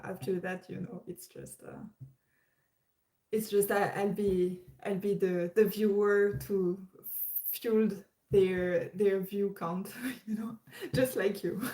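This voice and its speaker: Slow-talking woman chatting on a livestream. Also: medium pitch, warm tone. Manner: chatty, hesitant, many restarts and laughs. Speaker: livestream host. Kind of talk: casual livestream chat. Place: her room. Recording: roomy echo.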